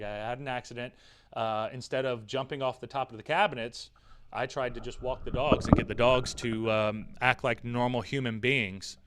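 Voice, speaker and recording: A man's voice: mid-range voice, fairly bright tone, clear, resonant tone, no room sound. A man hosting a livestream, chatting casually in a rambling way, repeating himself and swearing. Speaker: livestream host.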